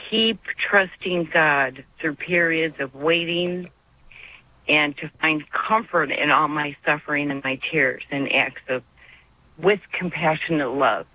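A woman's voice: deep voice, slow, pushed and bright, a little hiss or hum. A woman calling in to a religious radio show, sharing her faith in a heartfelt, emotional way. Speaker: caller. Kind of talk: call-in testimony. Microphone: phone. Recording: muffled phone line.

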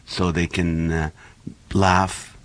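A man in his forties, a comedian guest on a chat show, who talks in an animated, joking way. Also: low voice, drawn-out words, a little hiss or hum. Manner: animated and joking, laughs often. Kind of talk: casual chat with comic bits.

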